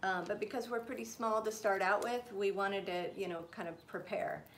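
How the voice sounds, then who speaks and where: A woman co-hosting a live stream, reading out viewers' questions in a relaxed, casual way. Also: medium pitch, a little hiss or hum. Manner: unhurried, scrolling through questions as she talks.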